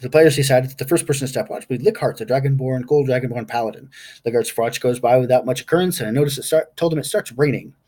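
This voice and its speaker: A man's voice: mid-range voice, fast, mellow. A man game master giving a casual, rambling recap of his tabletop session, stopping now and then to recall names aloud.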